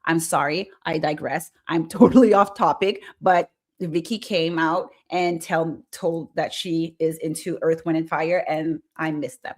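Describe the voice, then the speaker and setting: A woman hosting a casual live stream, chatting excitably and reading viewer comments aloud. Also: low-pitched, measured pace, hardly any pauses. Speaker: host. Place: Montreal.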